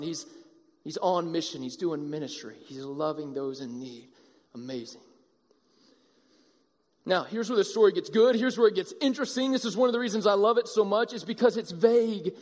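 A man preaching a sermon as pastor, animated and acting out the voices of a crowd. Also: high-pitched. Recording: long hall reverb.

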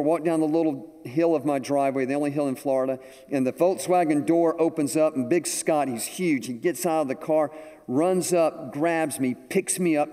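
Older guy preaching, telling stories, warm mellow tone, long reverb like a church. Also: a little high. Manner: storytelling, animated. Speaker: pastor. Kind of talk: sermon. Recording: echoey hall with long reverb.

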